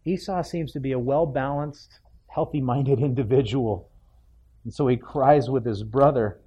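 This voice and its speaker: Man preaching an expressive sermon. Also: mid-range voice, unhurried, breathy edge. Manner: expressive, acts out biblical characters' voices.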